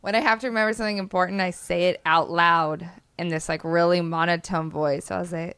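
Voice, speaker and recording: A woman's voice: lowish voice, fairly even intonation, brisk, hardly any pauses, fairly bright tone, clear, resonant tone. A woman co-hosting a casual faith podcast, talking earnestly and in rambling runs. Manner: rambling, earnest, laughs easily. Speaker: podcast co-host.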